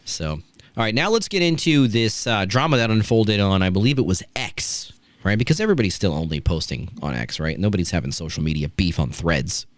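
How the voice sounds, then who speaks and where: A man's voice: low-pitched, animated, brisk, no room sound. A man hosting a casual wrestling podcast, ranting and swearing with mocking asides. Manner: profane, ranting, does mocking impressions. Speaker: podcast host.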